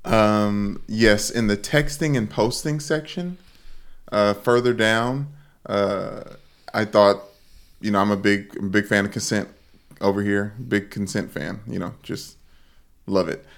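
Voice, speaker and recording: Male sports podcast co-host, low voice, dry deadpan wit. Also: takes it slowly, vocal fry, smooth. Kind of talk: casual sports chat.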